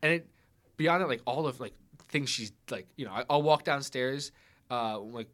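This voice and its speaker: A man's voice: mid-range voice, moderate pace, fairly bright tone. A man in his twenties chatting casually, telling rambling stories full of "like" fillers. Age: 20s. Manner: rambling storyteller, many "like" fillers. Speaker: podcast guest, editor. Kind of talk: casual chat.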